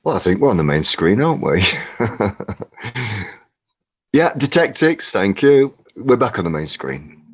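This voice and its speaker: Co-hosting a relaxed home live stream through a computer mic, this man from England jokes, laughs a lot, and chats slowly. His voice is on the low side and husky, with big pitch swings.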